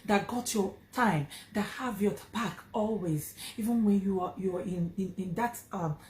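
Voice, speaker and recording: A woman's voice: mid-range voice, moderate pace, a little mellow. Earnest Nigerian woman in echoey room. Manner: earnest, emphatic, repeats phrases for stress. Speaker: vlogger. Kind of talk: personal storytelling to camera.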